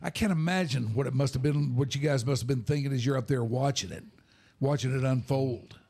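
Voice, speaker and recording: A man's voice: mid-range voice, brisk, gravelly, darkish tone. A man in a casual chat, talking with enthusiasm and repeating himself for emphasis.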